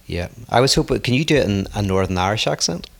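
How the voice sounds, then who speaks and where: A man's voice: fairly low pitch, lively intonation, quick pace, vocal fry. A man co-hosting a podcast as a philosopher, talking in a wry, thoughtful and teasing way. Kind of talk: casual podcast chat.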